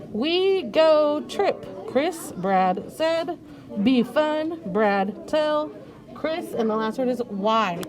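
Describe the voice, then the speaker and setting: Woman teacher, high and unhurried, sing-song coaching of young readers, children heard behind. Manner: patient, sing-song coaching, sounding out words slowly. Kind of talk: early reading lesson.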